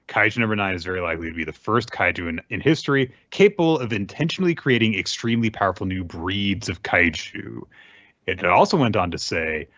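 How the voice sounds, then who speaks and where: A man hosting a podcast, casually recapping a manga chapter, rambling and swearing, with quick playful impressions of the characters. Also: deep voice, pushed and bright, dry recording, highs cut off. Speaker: podcast host.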